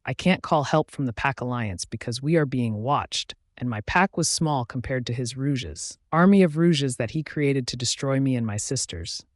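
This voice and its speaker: A man reading a first-person romance audiobook aloud, dramatic and shifting between hushed and raised delivery. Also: mid-range voice, animated, normal speed, few pauses, no echo, studio quality. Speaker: audiobook narrator.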